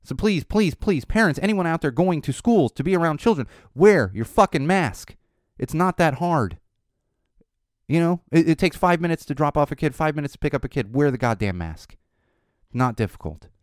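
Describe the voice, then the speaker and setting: A man in his thirties talking casually about parenting, exasperated, with sudden high-pitched quotes of his young kid. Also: expressive, moderate pace, dry recording, clean studio sound. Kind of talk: casual monologue.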